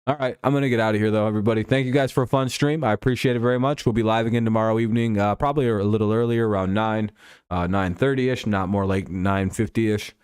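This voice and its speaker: A man hosts a casual live stream, joking and swearing freely. His voice sits low and comes through smooth and clean. The sound is dry and close, with no room around it. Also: steady tone, fast, darkish tone, no room sound. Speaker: streamer hosting a football talk stream.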